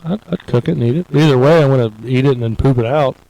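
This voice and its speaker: A blunt young man talks through crude hypothetical questions, swearing freely and reasoning out loud. His voice sits at a middle pitch for a man. The talk is loose, joking banter on a radio show. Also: quick pace, vocal fry, rough recording.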